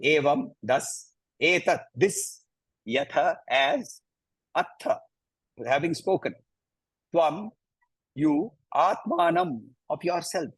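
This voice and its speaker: A man with an Indian English accent teaching a scripture class, chanting verses slowly and then explaining them with lively emphasis. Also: a little high, slightly rough, no room sound, poor audio. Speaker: Gita teacher.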